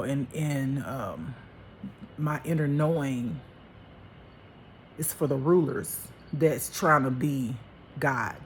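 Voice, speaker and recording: A deep-voiced woman plays a life teacher in a casual spiritual monologue, emphatic and talkative, laughing often and using endearments such as honey and baby. Slight background noise can be heard.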